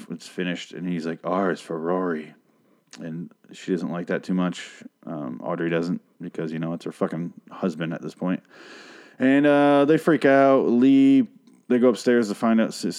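A man's voice: low voice, darkish tone. A man casually recapping a TV show on his podcast, profane and rambling, with a dry voice. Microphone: podcast microphone.

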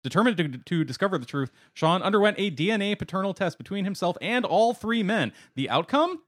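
A man's voice: sits high, very animated, a little fast, fairly bright tone, no echo, studio quality. A man co-hosting a podcast, reading out a gossipy story and laughing as he goes. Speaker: podcast co-host. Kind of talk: casual chat, reading a story aloud.

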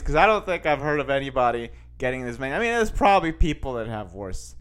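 A man's voice: medium pitch, very animated, fast talker, a bit bright, clear, resonant tone. A young man hosting a podcast, telling a rambling, self-mocking story in a casual monologue full of fillers and restarts. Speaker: podcast host.

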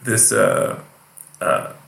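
Male guest, bright and forceful voice, rambling anecdotes in an echoey room. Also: deep voice, drawn-out words, vocal fry. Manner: rambling, animated storyteller with many fillers. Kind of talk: casual storytelling chat.

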